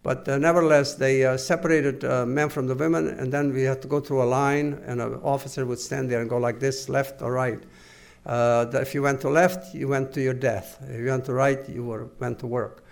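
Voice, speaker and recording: Older man with a gravelly voice. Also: mid-range voice, flat delivery. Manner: halting, full of pauses and restarts; measured, earnest recounting. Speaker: interviewee. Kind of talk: oral history testimony.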